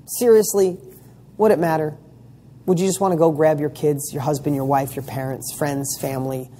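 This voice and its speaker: A man coaching real estate students delivers a motivational talk, speaking emphatically, firing off rhetorical questions and swearing casually. His voice is on the high side and mellow, with fairly even intonation and a moderate pace. There's slight background noise.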